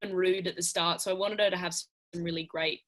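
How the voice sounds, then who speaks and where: Bright-voiced young woman. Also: fairly low pitch, fairly quick. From Australia. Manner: earnest, animated, with frequent restarts. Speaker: actress interviewee. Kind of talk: casual press interview.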